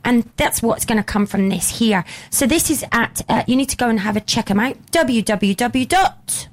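A chatty woman from England with a fairly high voice, co-hosting a radio show. She reads out items and banters playfully with her co-host. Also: brisk. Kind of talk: casual radio chat.

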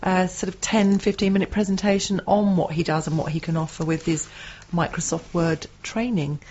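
A woman's voice: on the low side, steady tone, normal speed, darkish tone, husky. A woman from Essex co-hosting a casual local radio show, chatty and giggly, sometimes tripping over her words. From Essex, England. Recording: dull lo-fi studio with faint background noise.

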